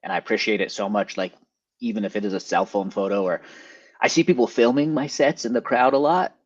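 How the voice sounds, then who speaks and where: A man with a lowish voice chatting casually, getting animated as he tells stories from the crowd. The sound is a little dull and muffled, close and dry. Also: a little fast, no echo. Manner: animated storyteller, jumps into quoted voices. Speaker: event photographer and stand-up comic. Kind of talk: casual chat.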